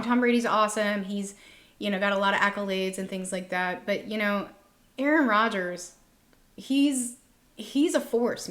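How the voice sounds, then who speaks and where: A woman's voice: fairly high pitch, fairly bright tone. A woman in her thirties giving a casual tarot reading to her viewers, emphatic and repeating phrases for effect. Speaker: tarot reader.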